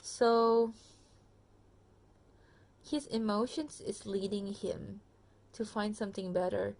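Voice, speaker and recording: A woman's voice: medium pitch, steady tone, takes it slowly, darkish tone. A tired woman giving a casual pick-a-card tarot reading to her viewers into a phone camera, chatty and full of fillers, speaking straight to the listener. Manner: chatty, many fillers and restarts, addresses viewer directly. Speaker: tarot reader.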